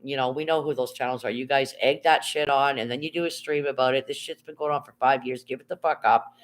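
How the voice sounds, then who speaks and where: A woman's voice: extremely low pitch, fairly even intonation, fast talker. A woman, chatting casually on a live stream, rambling, answering her chat and swearing freely.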